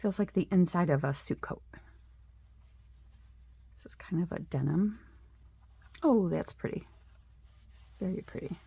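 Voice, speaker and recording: Slow-talking chatty woman crafter. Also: fairly low pitch, gravelly, dark tone, slightly rough, dry recording. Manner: chatty, many fillers, admiring asides. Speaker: craft vlogger. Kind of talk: casual show-and-tell.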